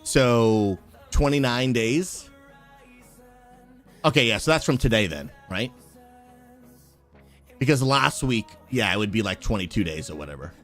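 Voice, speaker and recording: A man, a pastor who streams games, chatting live with his viewers and calling them bro, bursting into shouts and laughter. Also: mid-range voice, expressive, unhurried, pauses often, faint music behind. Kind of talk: live gaming stream chat.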